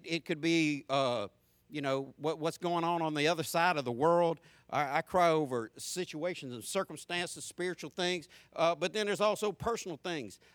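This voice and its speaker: A middle-aged man preaching a sermon, telling stories with loud animated asides and soft, low reflective stretches. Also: dry recording. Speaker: pastor.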